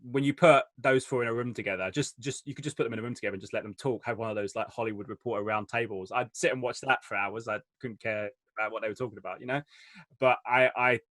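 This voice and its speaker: A man, an enthusiastic film critic chatting casually through a review in quick rushes. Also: medium pitch, steady tone, a bit bright, dry recording.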